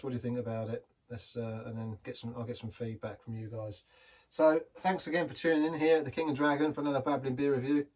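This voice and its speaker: Bloke babbling through a beer review, chatty and all over the place, mid-pitched voice. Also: male voice, darkish tone. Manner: rambling, chatty, full of restarts and asides. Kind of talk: casual rambling beer review.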